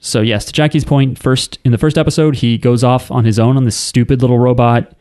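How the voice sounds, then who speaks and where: A man's voice: mid-range voice, steady tone, a little fast, darkish tone, clear, resonant tone, no echo, studio quality. Crude joking man recapping anime. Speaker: podcast co-host. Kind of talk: casual anime recap chat.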